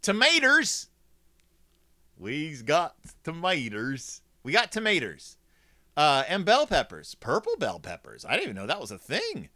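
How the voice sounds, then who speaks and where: A man's voice: fairly high pitch, huge pitch swings, normal speed, sharp tone. A man hosting a comedic review of a children's book, talking in a snarky, rambling way.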